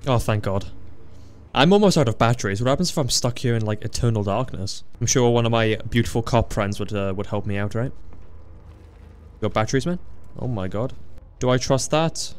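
Young man, horror gameplay commentary, mid-pitched voice, jumpy and joking, swearing, faint game music. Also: moderate pace. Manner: jumpy, excitable, joking reactions with frequent swearing. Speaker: gaming video creator.

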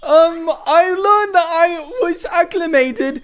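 A man doing a goofy high voice as a pompous author who rambles slowly about himself. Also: a bit bright, heavily acted. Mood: pompous rambling.

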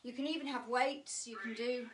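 A woman's voice: fairly high pitch, fairly even intonation, moderate pace, far from the mic, noisy background. A woman teaching a live online fitness class, chatty and encouraging, joking as she works out and slightly out of breath. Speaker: pilates instructor.

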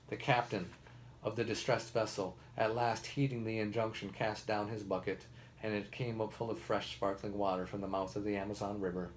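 A man reading a novel aloud, first-person narration told in a measured, steady way. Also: on the low side, a little hiss or hum, rough recording. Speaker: reader.

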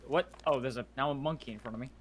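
A man's voice: medium pitch, rapid-fire, fairly bright tone, slight background noise. A man joking around with friends while playing an online game over voice chat. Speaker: player. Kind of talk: casual gaming chat.

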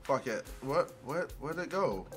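A young man giving loud, profane gameplay commentary, shouting and yelping at the game. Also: a little high, expressive, measured pace, faint music behind. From England. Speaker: gaming video creator.

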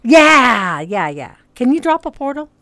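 A woman's voice: a little high, very animated, measured pace, pushed and bright, dry recording. Woman, mixed accent, casual livestream chat, rambling, mild swearing, dry close sound. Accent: mixed, hard to place. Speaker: streamer and hypnotist. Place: virtual reality social world.

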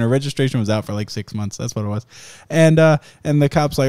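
A man's voice: medium pitch, expressive, fast talker, darkish tone. A man hosting a podcast, telling a story in casual, profane chat, laughing often and acting out the people he quotes. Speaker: podcast host.

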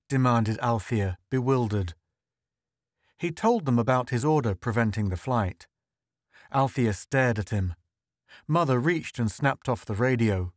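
A man reading a science fiction short story aloud as scripted narration, slow and measured. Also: medium pitch, dry recording, clean studio sound. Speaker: audiobook reader.

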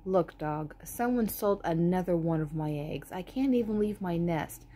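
A woman's voice: lowish voice, lively intonation, moderate pace, warm tone. A woman voicing a fierce, protective mother turkey hen in a storybook read-aloud, speaking in a stern, bossy way.

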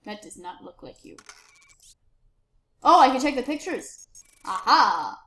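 A woman's voice: sits high, big pitch swings, a little slow, bright, forceful tone. A woman giving casual game commentary while playing a bossy, impatient border inspector. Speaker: gamer narrating her play. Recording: roomy, faint noise.

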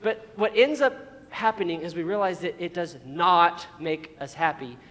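Brief: male pastor with a high voice, preaching casually and playfully in a church hall with long reverb. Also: normal speed, fairly bright tone. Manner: casual, joking preaching with asides. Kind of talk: sermon.

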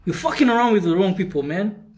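A man's voice: high-pitched, expressive, quick pace, darkish tone. A man from Uganda with a Ugandan accent, a musician in a heated, profane rant, switching between English and Luganda. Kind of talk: angry direct-to-camera rant.

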